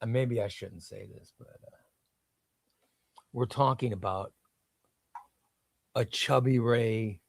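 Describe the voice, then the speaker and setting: A man's voice: mid-range voice, slow pace, creaky, long pauses, no echo. Chatty man hosting a comics livestream. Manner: chatty, reads viewer comments aloud; hypes sponsor in a shouted ad read. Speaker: livestream host. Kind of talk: casual livestream chat.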